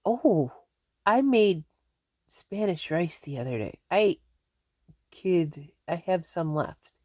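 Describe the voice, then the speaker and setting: A woman's voice: fairly low pitch, big pitch swings, takes it slowly, darkish tone, no echo, studio quality. A woman chatting casually to her viewers from home, rambling and laughing often. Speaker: vlogger. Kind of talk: casual chat to camera.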